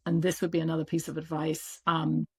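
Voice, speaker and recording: A woman's voice: sits low, husky. A woman with a British accent, an audiobook publisher talking casually and animatedly as an interview guest. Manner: animated, chatty, quick asides with laughs.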